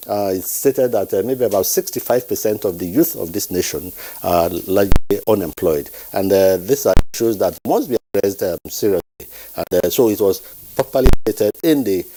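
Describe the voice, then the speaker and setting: A man speaking as a retired officer guest on a live news panel, formal and halting, with heavy fillers. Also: lowish voice, dark tone, poor audio. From Nigeria.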